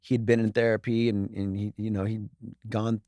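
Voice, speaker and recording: A man's voice: lowish voice, level tone, moderate pace, warm tone, dry recording, studio quality. Earnest, candid man guesting on a podcast. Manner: candid, earnest, swears freely, many restarts. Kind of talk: casual chat.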